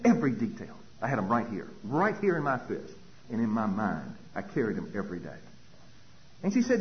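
A man's voice: on the low side, a little fast. Guy sharing his recovery story, voice swings up and down, dull lo-fi recording w/ faint hiss. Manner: animated storytelling, acts out dialogue. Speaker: speaker at a recovery meeting. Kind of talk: personal recovery talk.

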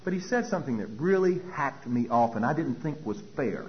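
A man's voice: mid-range voice, lively intonation, brisk, dull audio. A man giving a personal recovery talk at a meeting, telling his story with animation and acting out dialogue.

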